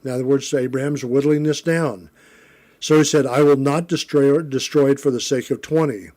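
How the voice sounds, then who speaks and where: A middle-aged man teaching a Bible lesson, reading scripture aloud and explaining it in a relaxed, conversational way with frequent fillers and self-corrections. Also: mid-range voice, normal speed.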